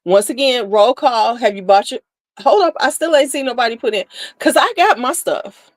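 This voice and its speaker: A woman's voice: fairly high pitch, normal speed, no echo. A woman hosting a casual beauty livestream, chatting candidly and sassily with viewers, laughing often. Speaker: beauty channel host.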